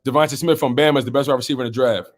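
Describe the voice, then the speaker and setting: Chatty Philly sports stream host. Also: male voice, mid-range voice, steady tone, very fast. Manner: chatty, reads out viewer comments and reacts. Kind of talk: casual sports talk live stream.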